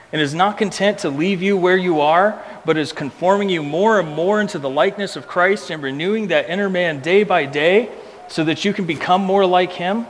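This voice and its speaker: A man preaching a sermon emphatically, repeating key words and slowing down for effect. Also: high voice, in a large hall, a little hiss or hum. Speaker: pastor.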